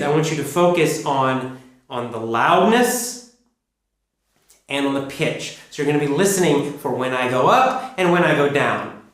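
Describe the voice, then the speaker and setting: A man with a North American accent teaching English pronunciation, speaking slowly and emphatically as he demonstrates rises and falls in pitch. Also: fairly bright tone. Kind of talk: spoken lesson to learners. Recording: very echoey room.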